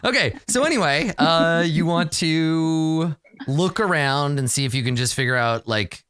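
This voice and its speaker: Male game master, rambling and animated in pitch, laughs a lot. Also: measured pace, clean tone, dry recording, clean studio sound. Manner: chatty, rambling, laughs often. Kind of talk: narrating a tabletop game.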